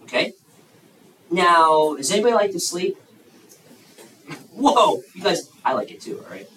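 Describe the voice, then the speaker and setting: Animated man preaching to kids in an echoey hall. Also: on the high side, a little fast, far from the mic. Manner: animated, acts out the story's voices, asks the kids questions. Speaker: preacher at a youth camp. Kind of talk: sermon to children. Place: large room at a campground.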